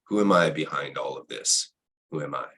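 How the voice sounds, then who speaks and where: Low, husky man in reflective talk; repeats himself, asks rhetorical questions. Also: animated, normal speed, fairly bright tone. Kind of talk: reflective spiritual conversation.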